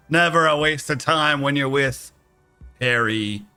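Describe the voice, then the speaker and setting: A male streamer playing a game, animated and playful, often reading the hero's lines aloud. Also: mid-range voice, measured pace, smooth, soft background music. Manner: animated, playful, reads dialogue aloud, laughs. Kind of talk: casual game let's play.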